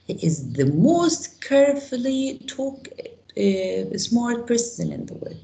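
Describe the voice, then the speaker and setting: A woman teaching an English grammar lesson, who explains slowly and repeats many examples. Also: on the high side, sing-song, vocal fry, mellow.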